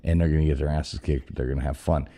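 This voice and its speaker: A man with an extremely low, deep voice runs through football games in casual chat. He is blunt and swears freely, speaking with easy confidence. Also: steady tone, quick pace, mellow. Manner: profane, blunt, opinionated. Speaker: podcast co-host.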